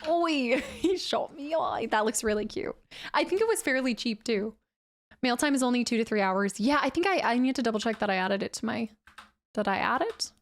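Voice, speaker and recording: A woman's voice: fairly high pitch, lively intonation, brisk, faint music behind. A woman game streamer in casual chat with her viewers, chatty and rambling, easily amused.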